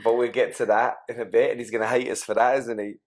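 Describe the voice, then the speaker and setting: A man's voice: medium pitch, flat delivery, fast talker, a little mellow. A man hosts a conversational podcast interview in an ordinary mid-range voice. He asks questions and ribs his guest with teasing jokes. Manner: teasing, jokey. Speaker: podcast host.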